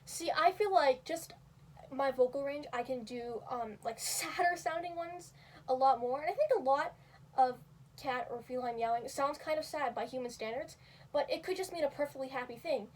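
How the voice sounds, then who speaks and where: Recorded on a distant mic, a young woman with a high voice makes a casual video tutorial on doing cat sounds, speaking at a moderate pace. She rambles, uses lots of fillers, and laughs a little at herself in a self-deprecating way.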